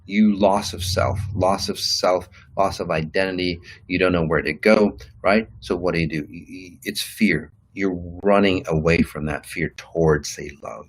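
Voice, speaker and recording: Self-help teacher, man, very low husky voice, loose rambling delivery full of fillers. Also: steady tone, moderate pace, few pauses, low-quality recording. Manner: acts out quoted inner voices. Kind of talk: motivational talk to an online audience.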